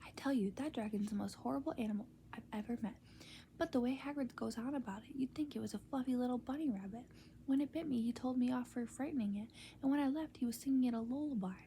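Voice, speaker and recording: Whispered role-play: woman as a grumbling schoolboy wizard, soft, dark, mellow tone. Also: a little high, fast, a little hiss or hum, lightly acted. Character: young boy wizard, anxious and grumbling.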